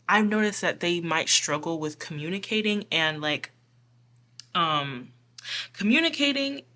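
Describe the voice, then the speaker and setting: Bright-voiced giggly woman tarot reader. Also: on the low side. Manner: chatty and giggly, with many filler "like"s. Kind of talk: casual pick-a-card reading.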